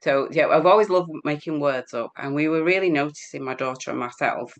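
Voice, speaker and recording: A woman's voice: sits low, a little fast. Chatty English woman, rambling. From England. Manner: chatty, rambling, laughs often. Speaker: guest healer. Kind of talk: casual chat.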